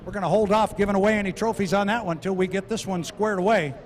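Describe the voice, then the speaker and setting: A man's voice: sits high, steady tone, quick pace. A man working as co-announcer at a boat race, explaining the points with a folksy, joking, conversational manner. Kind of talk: live race commentary. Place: outdoors at a lakeside race course.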